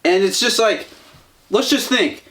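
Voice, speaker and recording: A young man co-hosting a self-improvement podcast, arguing in an animated, profane way. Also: high-pitched, unhurried. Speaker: podcast co-host.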